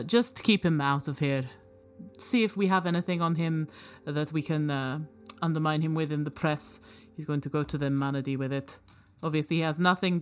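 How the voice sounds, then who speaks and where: A woman's voice: sits low, lightly acted. A woman voicing a brusque male official in recorded messages, irritated and swearing.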